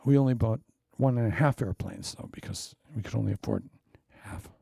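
A man's voice: on the low side, expressive, a little fast, creaky, mellow, breathy edge, dry recording, clean studio sound. A middle-aged man preaching a sermon as pastor, conversational and joking, with laughing asides.

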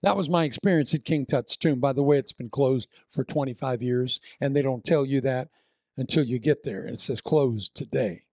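A man preaching a sermon, telling a funny travel story with animated shouted lines before turning to quiet prayer. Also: mid-range voice, normal speed, no echo.

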